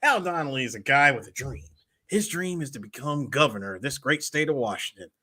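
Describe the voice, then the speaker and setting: Man putting on a fawning campaign caller, fast and rambling, bright and lively. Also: mid-range voice. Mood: eager rambling. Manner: fast, fawning, rambling, chuckling between lines. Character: overeager male campaign volunteer making cold calls. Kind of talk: film quote impression.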